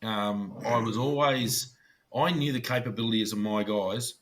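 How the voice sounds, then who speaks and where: A low-voiced Australian man holds forth in a relaxed podcast chat. He is blunt and salty, dropping swear words as he tells old police stories and slips into the voices of the people in them. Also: moderate pace. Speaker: podcast co-host, former police officer.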